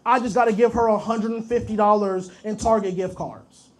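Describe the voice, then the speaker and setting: A man's voice: sits high, fairly even intonation, normal speed. A young man performing a profane, rambling stand-up comedy set, telling stories straight to the crowd. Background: audience laughter.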